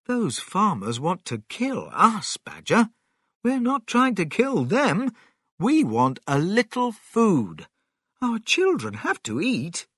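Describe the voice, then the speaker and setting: A man voicing a clever, bold male fox in a storybook reading, speaking with eager emphasis, raised and loud. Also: high-pitched, wildly swooping pitch, takes it slowly, breathy edge, no room sound, studio quality, voice pushed up, exaggerated voice.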